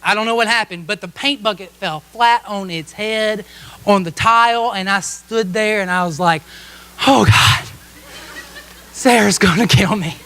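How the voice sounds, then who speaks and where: A man's voice: sits high, moderate pace, sharp tone, smooth. A man preaching a sermon as a pastor, telling a humorous story about himself and often checking in with the congregation with "okay?". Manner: humorous, self-mocking storytelling with frequent "okay?" asides to the congregation. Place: church service.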